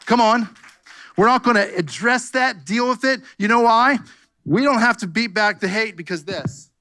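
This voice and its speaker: Man, pastor, sermon, high voice, bright tone, fervent, church sanctuary. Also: normal speed. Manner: fervent, repeats "come on" and "amen" to the congregation.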